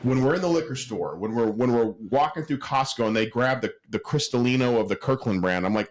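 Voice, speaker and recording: A man co-hosting a podcast, chatting casually and telling animated stories with many restarts. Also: mid-range voice, fairly quick, hardly any pauses. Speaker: podcast co-host. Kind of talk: casual chat.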